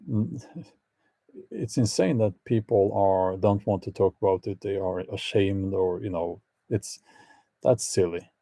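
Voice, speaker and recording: Answering live chat on his channel, this male host sounds hesitant and packs his speech with fillers, laughing frequently as he shares wry takes. His voice is gravelly, on the low side, and warm, recorded without echo.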